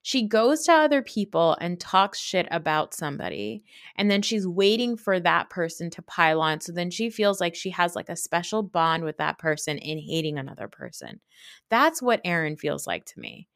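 Young adult woman, podcast host, lowish voice, blunt profane rant, dry close sound. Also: normal speed, creaky, dry recording. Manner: blunt, profane, animated ranting with frequent "like". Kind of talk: casual recap commentary.

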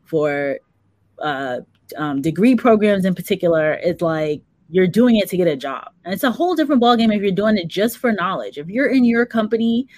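A woman's voice: mid-range voice, animated, fairly quick, a little mellow, no room sound. A woman hosting a live career-advice chat, reading out viewer comments and building on her co-host's points. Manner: conversational, adds to co-host's points.

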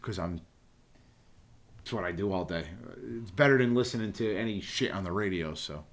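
A man co-hosts a podcast in casual chat, rambling, joking with his co-hosts and cursing freely. His voice is low-pitched and animated, at a moderate pace.

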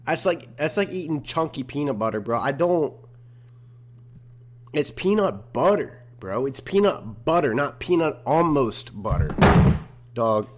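A man's voice: a little high, sing-song, unhurried, a little hiss or hum. Laid-back slangy young man hosting. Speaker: podcast host. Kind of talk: casual solo podcast chat.

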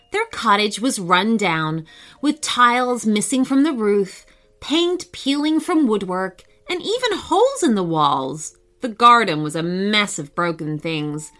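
A woman narrating a children's story in an expressive, playful way. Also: medium pitch.

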